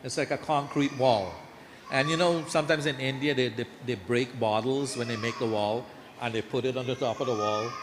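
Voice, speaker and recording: Guy telling devotional stories at a temple, mid-pitched voice, long echo, a little hiss behind. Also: fairly quick. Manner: lively storyteller, voice climbs when acting out scenes. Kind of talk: storytelling sermon. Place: temple hall. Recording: echoey hall with faint background noise.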